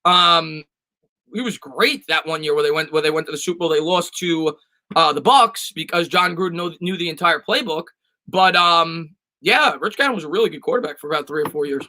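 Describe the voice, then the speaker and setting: A man with a high, bright voice hosts a casual sports live stream and answers viewer comments. He talks emphatically and often restarts or repeats himself. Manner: fast and emphatic, with frequent restarts and repetitions.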